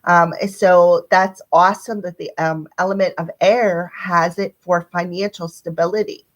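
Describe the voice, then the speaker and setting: Woman, squeaky voice, chatty live-stream tarot reader talking right to her viewers. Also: steady tone, unhurried, rough recording. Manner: chatty, talks straight to viewers. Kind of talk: casual live-stream card reading.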